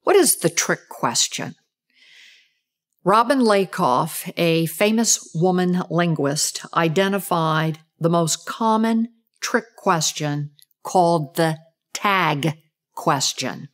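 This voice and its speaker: A woman who is a communication expert explains gendered speech patterns, acting out brief role-plays to illustrate intonation. Her fairly low voice is expressive, and she delivers it in a measured, deliberate way.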